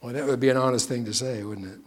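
A man's voice: medium pitch, fast. Earnest male pastor preaching. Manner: earnest, dropping to a hush on key phrases. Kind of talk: sermon.

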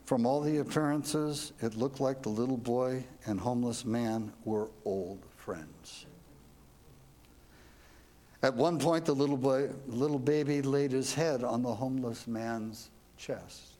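A man's voice: mid-range voice, measured pace, mellow. A man telling a devotional story as a sermon, earnest and reflective, ending with questions to his listeners. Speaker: preacher.

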